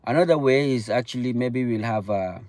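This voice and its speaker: A man's voice: mid-range voice, fairly quick, a little mellow, dry recording. A young man hosting a casual livestream, rambling and breaking off to greet viewers in the chat. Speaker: livestream host. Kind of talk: casual live-stream chat. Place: in or near his car.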